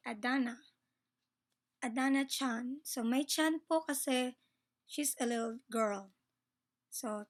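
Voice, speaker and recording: Filipino woman teaching japanese basics, high voice, polite and chatty, slows down on the examples. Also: fairly bright tone. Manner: polite, mixes Tagalog and English, careful slow Japanese examples. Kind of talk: casual grammar lesson.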